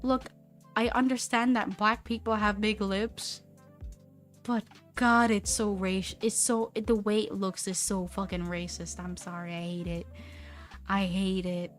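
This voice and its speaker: A young woman in her twenties chatting casually on a live stream while she draws, rambling and animated with lots of "like". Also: medium pitch, measured pace, faint music behind. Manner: rambling and animated, heavy use of "like". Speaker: streamer and artist.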